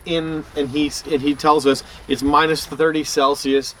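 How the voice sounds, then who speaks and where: A man's voice: a little high, level tone, moderate pace, a bit bright, low-quality recording. A man co-hosting a casual podcast outdoors on a golf course, talkative and joking. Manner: talkative, jokey, interrupts himself. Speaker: podcast co-host. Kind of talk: casual chat. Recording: faint outdoor noise.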